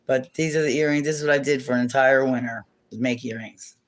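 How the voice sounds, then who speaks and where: A woman's voice: extremely low pitch, fairly even intonation, fast. A woman hosting a casual livestream from home on her phone, rambling and chatty, laughing often and swearing now and then. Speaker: livestream host.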